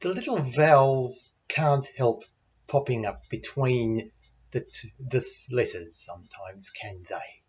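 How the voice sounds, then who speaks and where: A man with an Australian accent teaching English pronunciation in a patient, deliberate way and demonstrating the sounds he explains. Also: mid-range voice, breathy edge, muffled recording. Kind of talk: slow, deliberate teaching lesson.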